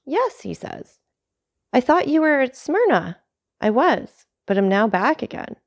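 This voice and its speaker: Brief: two-faced tailor neighbor, fawning and glib, read by a woman, lively with a gravelly rasp. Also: sits high, measured pace, voice pushed up, heavily acted. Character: envious male tailor neighbor, falsely friendly. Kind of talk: audiobook character reading.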